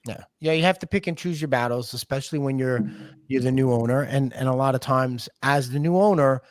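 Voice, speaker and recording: A man's voice: mid-range voice, fairly quick, no room sound. A man from New York hosting a podcast interview, speaking emphatically and giving advice to listeners. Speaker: podcast host.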